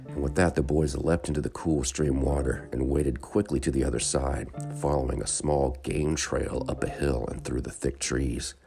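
A man narrating a children's adventure story in a calm, measured way. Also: extremely low pitch, creaky, music in the background.

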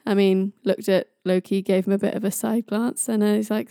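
A woman tells a myth in a chatty, playful manner and jokes about stumbling over hard names. Her voice is warm and mellow. It is recorded dry and close to the mic. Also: mid-range voice, little pitch movement, brisk, gravelly, hardly any pauses, no echo. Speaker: storyteller. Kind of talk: casual myth storytelling.

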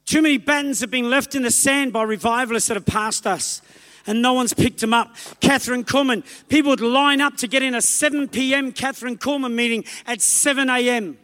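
A man with an Australian accent preaching a revival sermon in church, telling stories fast and rising to shouted calls, with soft music behind. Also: very high voice. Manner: fervent, rapid storytelling building to shouted calls. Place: church meeting.

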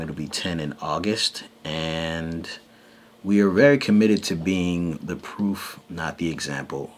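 A man's voice: low-pitched, slight background noise. A man co-hosting a married couple's podcast, talking loosely with many fillers. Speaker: podcast co-host. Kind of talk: casual chat.

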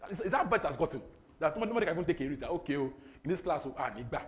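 A young man from Nigeria with a Nigerian English accent, preaching a lively sermon that repeats phrases and slips into pidgin. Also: a little high, very fast. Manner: animated, repetitive, breaks into laughter and pidgin.

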